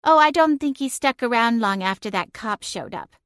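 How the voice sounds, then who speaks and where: A woman's voice: on the high side, expressive, moderate pace, a bit bright, dry recording, clean studio sound. A woman voicing a smug, sly female talking cat who teases with drawling, passive-aggressive innocence. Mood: smug teasing.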